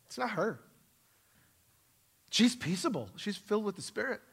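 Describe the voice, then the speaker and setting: A middle-aged man preaching a sermon in a church, emphatic and self-deprecating, swinging from loud stresses to soft asides. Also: sits high, big pitch swings, normal speed, creaky, slightly rough. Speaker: pastor. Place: church sanctuary.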